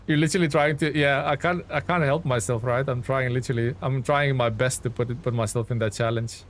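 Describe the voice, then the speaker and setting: A man's voice: medium pitch, fairly even intonation, a little fast, slight background noise. A male game streamer with a mid-range voice who chats loosely with his viewers as he plays. He laughs often and pokes fun at his own mistakes in a playful, self-mocking way. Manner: chats with viewers while playing. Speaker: gaming streamer. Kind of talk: casual live game commentary.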